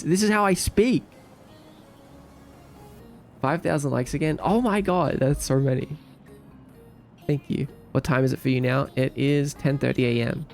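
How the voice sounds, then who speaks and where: Gravelly streamer guy goofing around with chat, faint music behind. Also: on the high side, a little mellow. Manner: joking, reads and answers chat. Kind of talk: casual live-stream chat.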